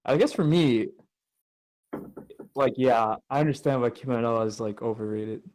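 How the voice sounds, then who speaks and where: A young man hosting a casual chat podcast, relaxed and playful, often pausing with "uh" and "like". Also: medium pitch, rough recording. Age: young adult. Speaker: podcast host.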